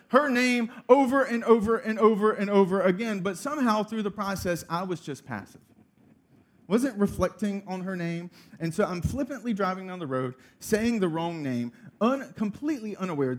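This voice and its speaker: A man in his thirties preaching a sermon, telling a funny family story with lively energy. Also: high-pitched. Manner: storytelling, animated, laughing through funny story. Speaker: pastor.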